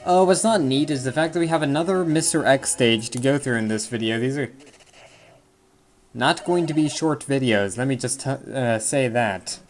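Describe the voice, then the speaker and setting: A man's voice: medium pitch, moderate pace, a little hiss or hum. A man giving casual, rambling commentary over a video game he is playing, with self-deprecating jokes and frequent asides. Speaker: let's play commentator. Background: faint game music.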